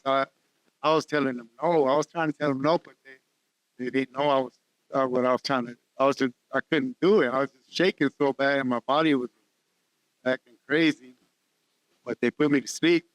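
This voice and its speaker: A man telling a personal testimony in conversation, halting and earnest, often repeating words. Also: mid-range voice, fairly bright tone, clear, resonant tone, dry recording. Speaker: guest sharing testimony. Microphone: podcast studio mic.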